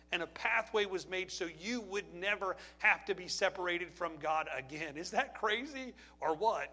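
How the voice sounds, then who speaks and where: A middle-aged man preaching a sermon in a high, ringing voice. He sounds keen and forceful, swinging from pleading cries up top down to hushed, slow lines. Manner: impassioned preaching, rising to near-shouts then dropping low. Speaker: pastor.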